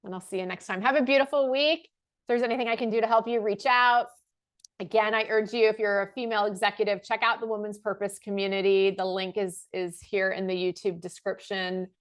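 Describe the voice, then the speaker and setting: A woman at an ordinary, middle pitch who hosts a motivational talk. She repeats affirmations slowly and with weight, then slips into casual, self-mocking asides. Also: steady tone. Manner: slow, emphatic repetition of affirmations; laughs and self-corrects casually. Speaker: life coach host.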